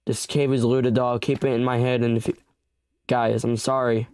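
A man's voice: mid-range voice, flat delivery, normal speed, darkish tone, smooth. A young man giving let's play commentary, frantic and pleading as he bargains with the creatures in his game. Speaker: gamer.

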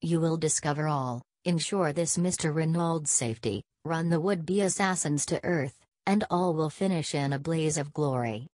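A woman reading as a cheerful gentleman companion. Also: deep voice, normal speed, hardly any pauses, dry recording, clean studio sound, close to an everyday voice. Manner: eager, upbeat. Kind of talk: audiobook character reading.

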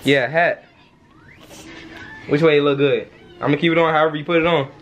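A man's voice: on the high side, steady tone, brisk, muffled recording, a little hiss or hum. A man filming a casual home vlog as a young father, playfully laughing and scolding his toddler in a bedroom.

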